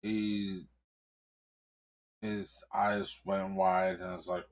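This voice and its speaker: A man with a deep, low voice tells an improvised story at an unhurried pace. He talks casually and haltingly, pausing with ums and restarting lines as he makes the story up. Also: little pitch movement. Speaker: streamer and storyteller.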